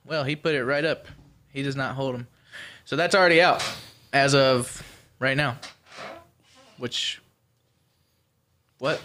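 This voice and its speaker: A man's voice: mid-range voice, fairly even intonation, slow, long pauses, bright, forceful tone, slight background noise. Loose, cursing male podcast host. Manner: loose, profane, joking. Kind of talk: casual podcast chat.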